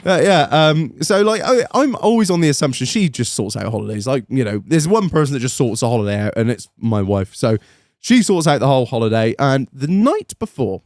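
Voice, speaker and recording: A man's voice: mid-range voice, brisk, no room sound, studio quality. A man hosting a podcast, telling stories in casual banter, swearing a lot and acting out the voices of people in them. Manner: lively storyteller, swears a lot, acts out quoted voices. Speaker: podcast host.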